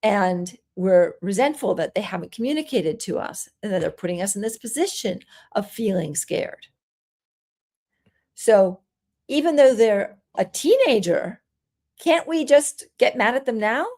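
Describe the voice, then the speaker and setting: Woman coaching parents in a gentle explanatory tone. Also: mid-range voice, animated, unhurried. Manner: gentle, explanatory, acts out soothing parent lines. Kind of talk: solo coaching talk.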